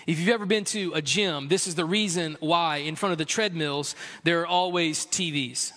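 A man with a high, bright voice preaches a sermon, talking to the congregation like he would to friends and getting animated as he tells stories. His voice rings out with a long hall reverb, and soft music sits underneath. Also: normal speed. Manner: conversational, builds to animated storytelling with a raised, excited voice. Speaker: pastor.

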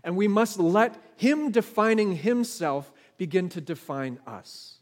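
Man, pastor, sermon, earnest, questioning, high voice, long reverb. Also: animated, a little slow, darkish tone. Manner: earnest, asks the listeners questions. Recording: long reverb of a large hall.

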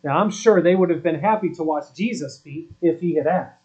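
Emphatic preaching man, mellow voice. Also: a little high, brisk. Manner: emphatic preaching with rhetorical questions. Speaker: pastor. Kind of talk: sermon. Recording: dull lo-fi recording.

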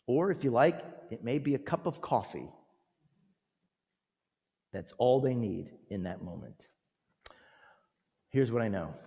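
Pastor preaching in a reverberant hall. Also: male voice, mid-range voice. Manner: earnest, gentle storytelling with a pastoral tone. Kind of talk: sermon.

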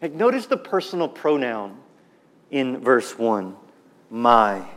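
Slow, earnest preacher man in a hall. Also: fairly high pitch, very animated. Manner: earnest, emphatic, slows and drops on key words. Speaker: pastor. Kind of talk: sermon.

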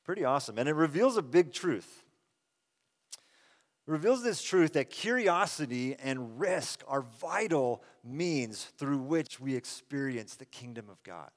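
Middle-aged male pastor, conversational sermon, mid pitch, reverberant church hall. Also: animated, a little slow. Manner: conversational and earnest, swelling loud then dropping soft. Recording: long reverb of a large hall.

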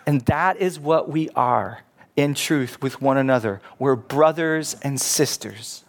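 A man preaching a sermon as a pastor, earnest, slowing down to stress quoted scripture. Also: medium pitch.

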